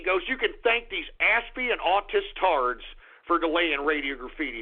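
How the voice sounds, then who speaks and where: A male talk radio host tears into his listeners with a shouting, abrasive rant. His voice sits very high with a gravelly rasp. It comes through thin and tinny, like a phone line. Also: very animated, normal speed.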